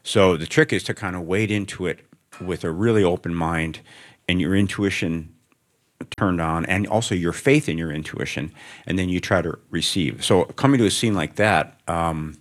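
A writer, the guest of an onstage interview, answers questions before a student audience in a low-pitched voice at normal speed. His answers are reflective and wandering, with wry asides.

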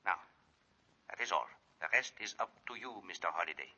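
In a muffled old 1940s radio recording, an actor plays a secretive, insistent jewel-deal contact giving clipped, formal instructions with urgency. His voice is low, brisk, and sharp, with lively intonation and heavily acted delivery.

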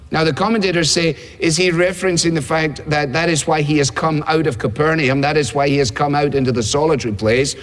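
A man's voice: a little high, fairly even intonation, brisk, hardly any pauses. A man preaching a sermon in a conversational way, asking rhetorical questions. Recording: long hall reverb.

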